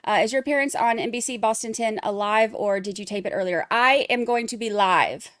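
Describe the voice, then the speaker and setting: A woman's voice: medium pitch, fairly quick, fairly bright tone, dry recording, clean studio sound. A woman hosting a casual livestream, chatting with viewers and reading their messages aloud with plenty of fillers. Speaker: livestream host.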